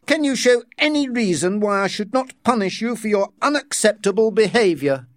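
A man's voice: sits high, animated, normal speed, dry recording, clean studio sound, pitched above the performer's own voice. A man reading aloud voices a stern official who makes formal, accusing announcements in a raised voice. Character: stern male official, cold and commanding.

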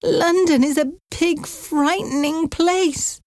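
A woman voicing a frightened, fretful elderly aunt in an audiobook, pleading in a high, trembling voice. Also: slow pace, a little mellow, no echo, clean studio sound. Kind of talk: audiobook character voice.

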